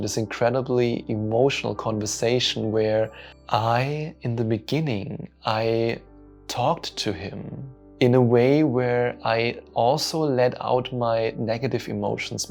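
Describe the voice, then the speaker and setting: A man's voice: mid-range voice, vocal fry, darkish tone. A man who coaches people spiritually, telling an earnest, openly emotional personal story straight to camera.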